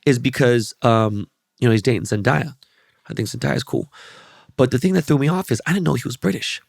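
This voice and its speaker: In a casual podcast monologue, a man in his forties rambles along at a fairly quick clip, his gravelly voice at ordinary pitch. He swears without restraint and stays animated throughout. The close-miked recording is dry, with no echo.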